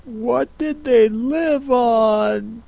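A reader voicing a polite, curious young girl who speaks slowly and gently. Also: medium pitch, creaky, no echo, pitched above the performer's own voice.

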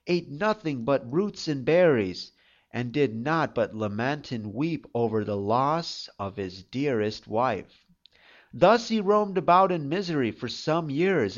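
Slow, lively fairy tale reader. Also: medium pitch, muffled recording. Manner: expressive, unhurried storybook reading. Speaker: storyteller.

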